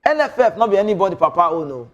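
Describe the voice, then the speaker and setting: High-pitched Nigerian man bantering. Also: sing-song, rapid-fire, lo-fi sound. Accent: Nigerian English and Pidgin. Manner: bantering, switches between Pidgin and English. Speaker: football show host. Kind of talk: casual commentary reading viewer comments.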